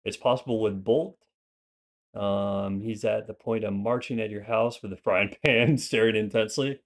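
A man's voice: fairly low pitch, steady tone, moderate pace. A young man with a slight Minnesotan accent, a streamer and former Marine, chatting loosely and profanely while playing a game. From Minnesota, USA. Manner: loose, rambling, profane banter. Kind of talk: casual gaming chat on stream.

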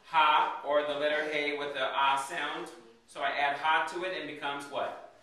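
A man's voice: on the high side, little pitch movement, normal speed, crowd noise. A man teaching a class, asking students questions and checking "okay?" after each point. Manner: checks understanding with frequent "okay?". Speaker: Hebrew teacher. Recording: echoey room, from far off.

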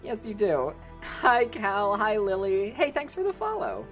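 Lively laughing young woman streamer. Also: medium pitch, measured pace, soft background music. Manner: animated, laughing, bantering with chat and the AI. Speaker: game streamer. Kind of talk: live gameplay stream chat.

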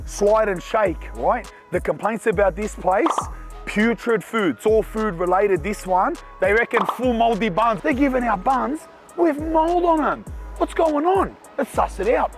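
Animated slangy young Sydney man, high voice. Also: unhurried, music in the background. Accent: Australian, Sydney. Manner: loud slangy banter, animated swings in pitch. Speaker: food reviewer and vlogger. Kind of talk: casual food-review vlog. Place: outdoors and in burger shops around the city.

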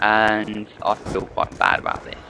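A man's voice: lowish voice, monotone, unhurried, creaky, background noise. A young man giving rambling gameplay commentary, chatty and full of rhetorical questions to his viewers. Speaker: gaming channel host.

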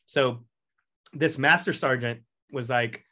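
A man's voice: mid-range voice, takes it slowly. Profane young Texan man telling stories. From Texas. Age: young adult. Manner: profane, animated anecdote-telling with acted quotes. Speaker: guest, Marine veteran. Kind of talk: casual storytelling.

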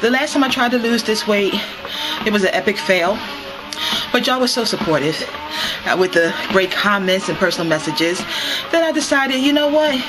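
A woman's voice: mid-range voice, lively intonation, moderate pace, noisy background. A woman vlogging casually to her viewers while walking on a treadmill at home, slightly winded, recorded on a handheld camera. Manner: chatty, addresses viewers as y'all, laughs often.

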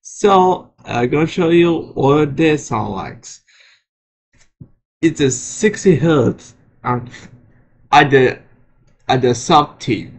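A man presenting his alarm sirens in a casual show-and-tell vlog, often halting and restarting his sentences. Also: fairly high pitch, animated. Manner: halting, frequent restarts and repeated words. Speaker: vlogger showing alarm sirens.

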